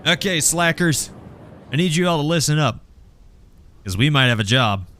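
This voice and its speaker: A man's voice: on the high side, animated, moderate pace, pushed and bright, pitched above the performer's own voice. A man voicing a brash female gang leader, lifting his voice as she rallies her crew. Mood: commanding.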